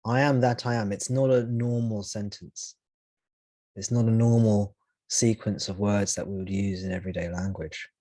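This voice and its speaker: A man's voice: on the low side, steady tone, moderate pace, warm tone, no echo. A man teaching at a live satsang, speaking reflectively and thinking aloud, with frequent restarts as he searches for words. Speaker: spiritual teacher.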